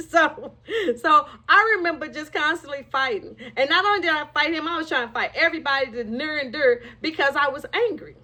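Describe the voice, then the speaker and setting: A woman's voice: sits high, brisk, pushed and bright. A woman frankly and emotionally telling her own life story, with rueful laughs along the way. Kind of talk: candid personal testimony.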